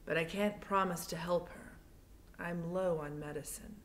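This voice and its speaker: A woman voicing a tired woman doctor who speaks in a calm, matter-of-fact way, read from a storybook. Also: fairly low pitch, moderate pace, slight background noise, close to an everyday voice. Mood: weary.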